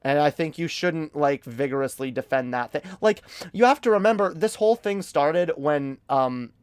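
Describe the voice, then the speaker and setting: A man's voice: on the high side, moderate pace, clear, resonant tone, no room sound. A man streaming a heated, casual commentary rant, emphatic and profane, often stumbling over repeated words.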